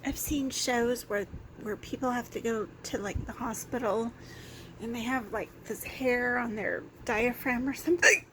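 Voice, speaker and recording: A woman vlogging casually at home, hiccuping and giggling, hushing herself so she won't wake others. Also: on the high side, measured pace, a little hiss or hum, poor audio. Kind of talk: casual self-filmed vlog. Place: indoors at home while others sleep.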